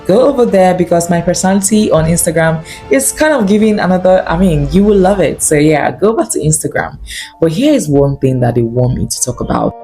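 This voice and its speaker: Low-voiced young woman vlogging candidly. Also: fairly quick, faint music behind. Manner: earnest and confiding, with animated asides. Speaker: lifestyle vlogger. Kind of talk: candid talking-to-camera vlog.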